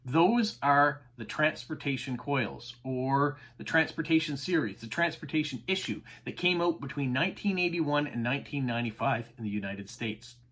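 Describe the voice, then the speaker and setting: Speaking at normal speed with few pauses, a man uses an animated, mid-range voice that's a bit bright. He's the host of a stamp collecting channel, chatting eagerly to camera, explaining terms, and saying "uh" often.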